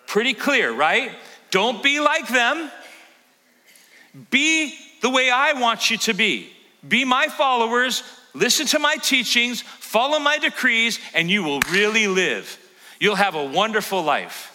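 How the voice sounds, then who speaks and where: A male pastor preaching a sermon in a church, animated and acting out the voices of scripture. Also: very high voice, a little slow, in a large hall, low-quality recording. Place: church sanctuary.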